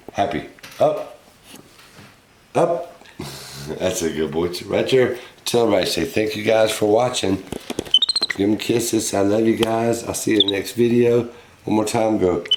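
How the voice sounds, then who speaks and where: Brief: low-pitched man, playful pet vlogger, echoey room with noise behind. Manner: coaxing, playful, talks to his pet monkey. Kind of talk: casual pet vlog chat.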